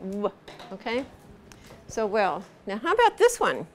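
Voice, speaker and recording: A woman teaching English pronunciation in a live lesson, patiently drilling vowel sounds slowly over and over. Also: medium pitch, wildly swooping pitch.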